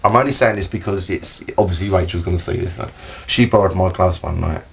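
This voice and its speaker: A man's voice: low-pitched, fast, gravelly, a little hiss or hum. Laughing, swearing man telling stories. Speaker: interviewee. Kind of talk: casual storytelling chat.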